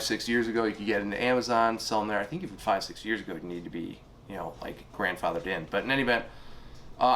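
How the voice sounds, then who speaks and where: A man's voice: mid-range voice, a bit bright, a little hiss or hum. A middle-aged man casually running through items he sold online, rambling with fillers and unsure asides. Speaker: online reseller. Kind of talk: casual spoken sales rundown.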